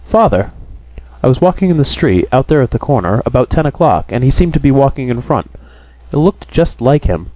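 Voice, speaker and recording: A man's voice: mid-range voice, big pitch swings, a little fast, mellow, no echo, pitched above the performer's own voice, close to an everyday voice, low-quality recording. A man voicing a timid, pleading young woman. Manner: plaintive, earnest and pleading. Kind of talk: audiobook character reading.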